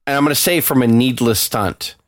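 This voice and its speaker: A man's voice: medium pitch, a little fast, no echo, studio quality. Swearing, heated man on a podcast. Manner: emotional, heavy swearing, rising to anger. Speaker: podcast co-host. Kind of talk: casual podcast chat.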